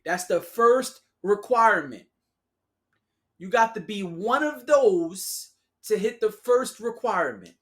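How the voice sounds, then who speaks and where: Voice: medium pitch, expressive, slow, fairly bright tone. A podcast host talking alone in a casual, sarcastic way, using slang, calling listeners "y'all" and laughing at their own remarks. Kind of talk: solo casual podcast commentary.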